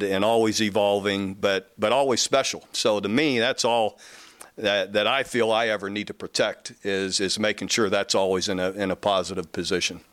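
A middle-aged man, a football coach, answering interview questions in an earnest, halting way. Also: on the low side, a bit bright, clean tone, no echo.

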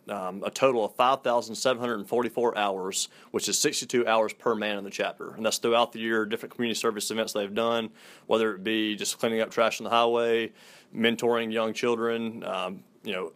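A man's voice: on the low side, fairly even intonation, a little fast, a bit bright. A young man from Mississippi with a Southern accent, a fraternity staffer answering interview questions in a friendly, matter-of-fact way.

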